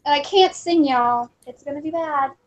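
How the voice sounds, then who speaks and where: A chatty woman with a high-pitched voice, joking about herself in a relaxed group chat. She talks casually to friends in an online hangout. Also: normal speed, dull audio. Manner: chatty, self-deprecating, says "y'all". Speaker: hangout participant.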